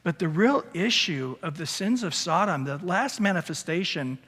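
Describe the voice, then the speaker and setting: Man, pastor, conversational sermon, restarts sentences, slightly high voice, long church-hall echo. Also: lively intonation, moderate pace, fairly bright tone. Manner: earnest, conversational preaching with frequent restarts. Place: church sanctuary. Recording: reverberant hall.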